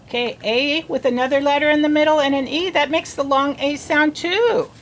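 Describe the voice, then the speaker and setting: A woman teaching children to read, sounding out letters and words slowly and asking them questions in an encouraging way. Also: high voice, fairly even intonation, fairly bright tone. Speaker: reading teacher. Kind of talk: early reading lesson.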